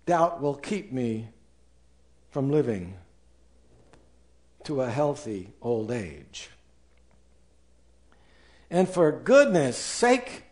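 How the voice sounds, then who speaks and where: A man's voice: a little high, darkish tone. A male pastor preaching a sermon with emphasis, acting out listeners' objections in raised voices.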